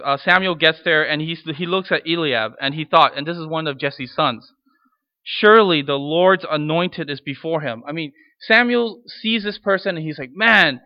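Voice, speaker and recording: A man's voice: on the high side, dull audio. A man preaching a sermon in a conversational way, retelling scripture scenes in casual voices. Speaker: pastor.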